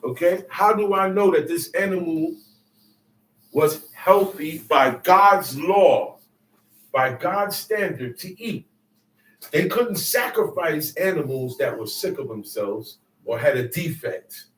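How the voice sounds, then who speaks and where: A man teaching in a preaching style, emphatic and quick to pose questions to his listeners. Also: a little high, expressive, fairly bright tone. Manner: emphatic, call-and-response preaching with asides. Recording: echoey room, distant mic.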